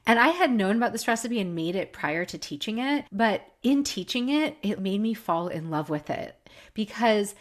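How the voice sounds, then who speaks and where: A woman's voice: medium pitch, animated, normal speed. A woman co-hosting a casual cooking podcast, chatty and enthusiastic as she explains a recipe step by step. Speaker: podcast co-host.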